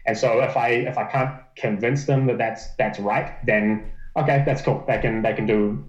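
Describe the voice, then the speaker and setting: A man's voice: mid-range voice, fairly even intonation, normal speed, roomy sound, lo-fi sound. A man who coaches, talking casually on a podcast, often repeating and restarting his phrases. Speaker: powerlifting coach.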